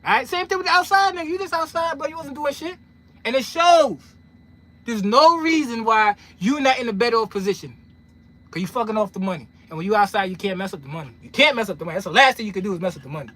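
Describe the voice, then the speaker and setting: A man's voice: extremely high pitch, expressive, fast, bright, forceful tone. A man, a trucking content creator talking straight to his viewers in a casual monologue, emphatic and full of street slang, repeating lines for punch. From New York.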